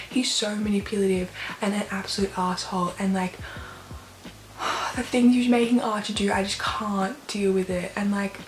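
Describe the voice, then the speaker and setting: A woman's voice: fairly low pitch, echoey room, a little hiss or hum, rough recording. A young woman chatting in a casual reading vlog, gushing and rambling with lots of fillers as she talks from her bedroom. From Australia. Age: young adult. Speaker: book vlogger.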